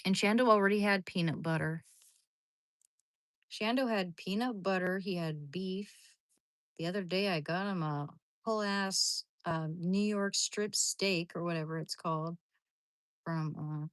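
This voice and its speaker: Chatty, low-voiced woman streaming. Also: unhurried, dry recording. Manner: chatty and rambling, with many restarts. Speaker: live streamer. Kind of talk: casual livestream chat.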